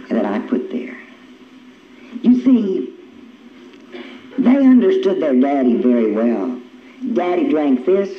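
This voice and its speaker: An older woman tells her story with a swooping, lively delivery, jumping into the voices of old arguments. The sound is an old, dull, lo-fi tape with noise underneath. It echoes in a roomy hall. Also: a bass voice. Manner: animated, acts out remembered arguments. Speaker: speaker sharing her recovery story. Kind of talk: personal storytelling talk.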